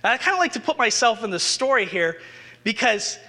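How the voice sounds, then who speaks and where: A male pastor preaching a sermon, retelling scripture with animated, rising emphasis. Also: very high-pitched, a little fast, long reverb tail.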